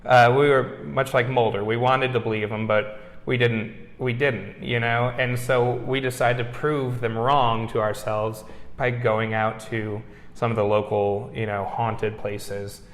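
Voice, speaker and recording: A man's voice: medium pitch, unhurried. Man telling ghost stories. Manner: relaxed storyteller, frequent "you know". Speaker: museum owner, interviewee. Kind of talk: casual interview chat. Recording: echoey room with long reverb.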